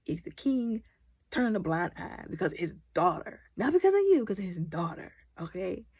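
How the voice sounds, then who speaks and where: A woman putting on a stern, husky old knight of a father. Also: high voice, normal speed, no echo, heavily acted. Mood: stern scolding. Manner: blunt and folksy. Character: stern older knightly father scolding his son.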